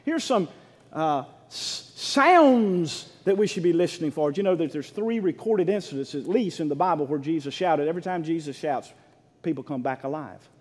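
A man preaching a sermon as pastor, fervent and swelling into shouts, calling for responses from the congregation. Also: fairly high pitch, lively intonation, normal speed. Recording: long reverb of a large hall.

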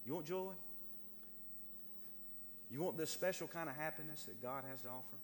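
A man's voice: mid-range voice, expressive, brisk, pauses often, in a large hall, a little hiss or hum. A man preaching a sermon as pastor, reading scripture and driving points home by repeating phrases to the congregation. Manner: emphatic preaching, repeats phrases, addresses brethren.

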